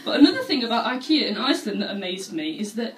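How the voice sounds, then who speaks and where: A woman performing a stand-up comedy routine, telling stories in a chatty, animated way and acting out other people's voices. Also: on the high side, fast talker. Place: comedy club stage with audience laughter. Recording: roomy venue audio from a distance with faint noise.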